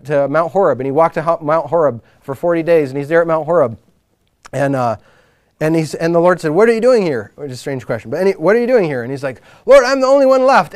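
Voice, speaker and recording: At a faith retreat, a man with a higher-pitched voice gives a talk to a live group, telling stories in an animated, informal style. He swings between loud and hushed and often restarts his sentences.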